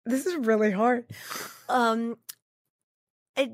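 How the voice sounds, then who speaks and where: A woman's voice: medium pitch, animated, unhurried, a bit bright, no echo, clean studio sound. A woman hosting a comedy podcast, playful and giggly while improvising scenes. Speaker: podcast host.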